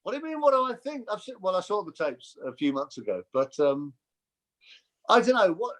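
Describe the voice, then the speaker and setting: An older man chatting as a guest, telling lively stories and mimicking voices. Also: sits high, a little fast. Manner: animated storyteller, mimics voices. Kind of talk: casual chat.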